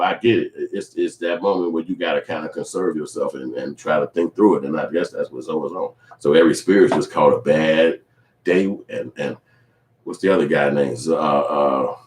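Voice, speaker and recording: A man's voice: a bass voice, normal speed, echoey room, poor audio. Blunt, profane man. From Chicago. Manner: profane, blunt, animated storytelling. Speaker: YouTube commentator. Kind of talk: casual commentary vlog.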